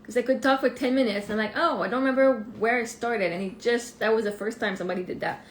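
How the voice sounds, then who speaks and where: A woman with a Québécois French accent, talking through a live podcast monologue, animated, laughing often and swearing freely. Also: fairly high pitch, quick pace. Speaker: life coach podcast host. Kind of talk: live-streamed personal monologue. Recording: echoey room with faint ambient noise.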